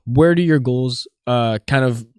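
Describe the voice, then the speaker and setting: A man's voice: medium pitch, unhurried, smooth, no echo, studio quality. A man hosting a podcast interview who asks long, easygoing, rambling questions. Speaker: podcast host.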